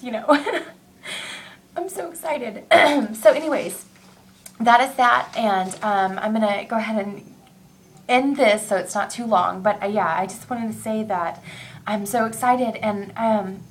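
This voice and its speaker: A woman in her thirties talking openly in a casual personal video diary, rambling a little and quick to get teary. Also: medium pitch, slight background noise. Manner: chatty, candid, excitable, quick to tear up; rambling with many ums and restarts. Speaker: vlogger.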